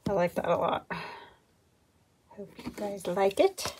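A woman's voice: medium pitch, expressive, takes it slowly, noisy background. A woman vlogger giving casual running commentary as she crafts, thinking aloud in a chatty, meandering way. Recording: paper crinkling and clicks behind voice.

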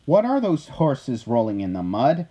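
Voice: mid-range voice, wildly swooping pitch, moderate pace, mellow, husky. A reader voicing a curious, adventurous city hen in a storybook read-aloud, asking questions eagerly.

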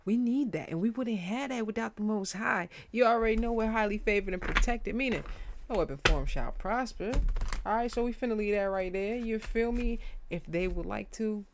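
A woman casually doing a tarot reading for her viewers, animated, slangy and openly emotional as she talks. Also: mid-range voice, moderate pace, background noise. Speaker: tarot reader.

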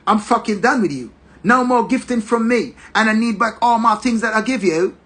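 A man's voice: high-pitched, normal speed, fairly bright tone, pitched above the performer's own voice. A man doing a furious rich woman, mock British. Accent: British, put on. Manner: scolding, mocking.

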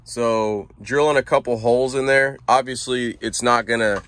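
A man's voice: mid-range voice, fairly even intonation, moderate pace, fairly bright tone. A man vlogging from inside his truck cab, explaining a repair in a laid-back, rambling way with lots of fillers and restarts. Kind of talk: casual how-to vlog.

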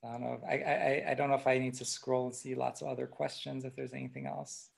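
A man from Chicago with a Chicago accent, answering questions in a relaxed, rambling way on an online video call. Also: medium pitch, fast, creaky. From Chicago, USA. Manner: relaxed, rambling, with fillers and restarts. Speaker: guest presenter. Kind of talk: casual online Q&A.

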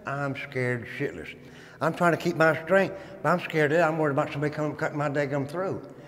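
A man's voice: fairly high pitch, steady tone, quick pace, a bit bright. A man who served time, giving a dramatic, folksy storytelling tour and calling his listeners guys. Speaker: former inmate giving a prison tour. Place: inside an old prison. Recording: long echo of a stone hall.

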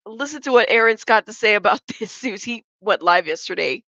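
With a medium-pitched, fairly bright voice, this woman talks briskly and animatedly as she hosts a live commentary stream. She reads viewers' chat aloud, jokes, and laughs frequently in a chatty way, heard through dull lo-fi sound without echo.

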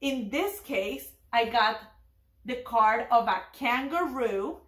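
High-pitched young lady teaching little kids' families, upbeat, slow careful words, roomy echo. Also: expressive. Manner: slow, clear demonstration of words; cheerful and encouraging. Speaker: preschool teacher. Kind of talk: virtual family event lesson.

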